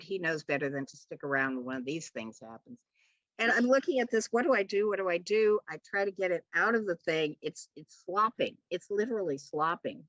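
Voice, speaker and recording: Lively woman telling a comic anecdote. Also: fairly low pitch, dry recording, muffled recording. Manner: animated storyteller who acts out other people's voices. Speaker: author on a convention panel.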